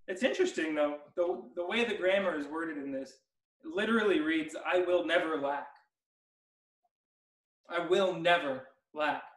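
A man preaching an expository sermon as pastor, emphatic and slowing down to stress key words. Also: high-pitched, fairly bright tone, roomy sound, far from the mic, rough recording. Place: church sanctuary.

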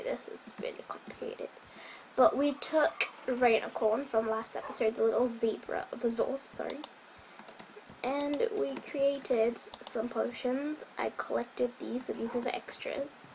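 A woman casually commenting on her gameplay, rambling and correcting herself, sometimes dropping to a soft whisper, her voice a bit strained. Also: fairly high pitch, a little hiss or hum, low-quality recording. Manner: rambling, self-correcting, chatty. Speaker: Minecraft let's player.

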